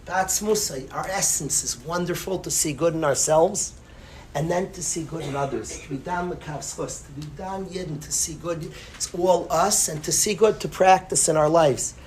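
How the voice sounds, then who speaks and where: Sprinkling in Hebrew and Yiddish terms, a rabbi teaches Torah like a passionate sermon, moving between loud cries and near-whispers. His voice is a little high at a moderate pace, with a little hiss or hum in the recording.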